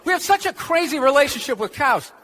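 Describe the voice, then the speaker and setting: A man's voice: very high-pitched, very animated, fairly quick, bright, forceful tone. A man doing a sarcastic, swearing stand-up comedy set in a club. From United States. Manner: sarcastic, ranting, swears often. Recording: live club with crowd laughing and room noise.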